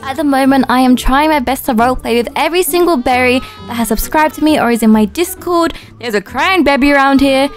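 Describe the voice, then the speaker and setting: A young woman giving chatty roleplay commentary, her voice high and bright. She gasps, jokes with herself and keeps up a playful running patter. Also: a little fast, few pauses, soft background music. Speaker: YouTuber.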